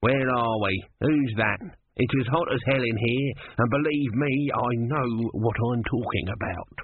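A man's voice: medium pitch, unhurried, slight background noise, close to an everyday voice. A man voicing a grumpy, sardonic little tortoise god in a storybook reading. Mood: grumbling. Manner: sardonic, snappish. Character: grumpy cynical small tortoise god, male. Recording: tinny phone-like, dry.

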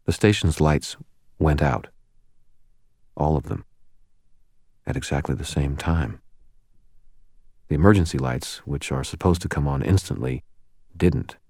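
A male audiobook narrator with an extremely deep voice. He tells the story in a dry, first-person way. The recording is dry and close with no room sound. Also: a little slow, long pauses, a little mellow, dry recording. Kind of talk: scripted narration.

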